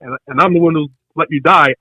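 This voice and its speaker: Speaking on the high side, the hosts' father, an older man, races excitedly through a casual story and performs the other characters' lines himself. The audio is dry and muffled.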